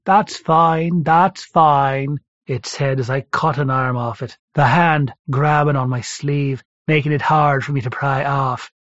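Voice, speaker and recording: A man reading a first-person story aloud in a steady, measured way. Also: medium pitch, no room sound. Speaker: narrator. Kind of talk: first-person audiobook narration. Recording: dry, slightly dull recording.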